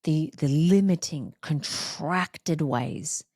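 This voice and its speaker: Low-voiced woman hosting a podcast. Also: slow, a little mellow, no echo, clean studio sound. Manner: emphatic, repetitive, heartfelt. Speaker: podcast host. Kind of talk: reflective solo podcast monologue.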